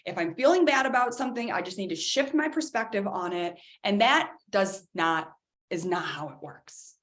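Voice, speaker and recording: An energetic woman coach leads a workshop, speaking emphatically and straight to her listeners. Her voice sits in an ordinary middle range and she keeps her audience close with direct questions. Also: mid-range voice, normal speed. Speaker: wellness coach. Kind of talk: workshop talk to an online audience.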